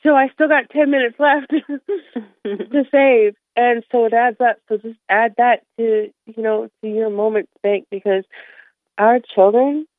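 A woman's voice: a little high, steady tone, measured pace, no echo. A woman guest on a radio show, speaking candidly and with emotion, holding back tears. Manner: emotional, candid, warm with light laughter. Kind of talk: radio interview. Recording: tinny phone line.

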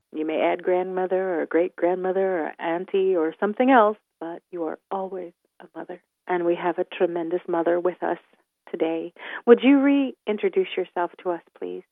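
Radio host, female, low gravelly voice, earnest delivery, tinny phone-like line. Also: no room sound. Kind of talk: radio talk show.

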